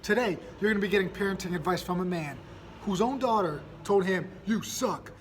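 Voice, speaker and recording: A man in his thirties hosting a solo parenting podcast, telling stories in a casual, energetic way and often checking in with "right?". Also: sits high, brisk, slight background noise. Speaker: podcast host.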